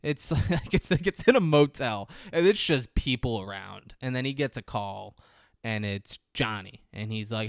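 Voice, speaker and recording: A man's voice: moderate pace, no echo, studio quality. Casual guy rambling through a film plot, swears a lot, does the lines, no room sound. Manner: rambling, profane, acts out quotes with big pitch jumps. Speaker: podcast co-host. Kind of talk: casual movie recap chat.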